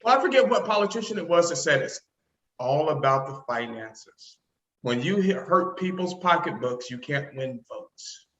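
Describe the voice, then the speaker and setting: A man co-hosting a casual political chat, telling joking, sarcastic stories in an animated way. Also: a little high, normal speed. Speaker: podcast co-host. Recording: echoey room, dull lo-fi sound.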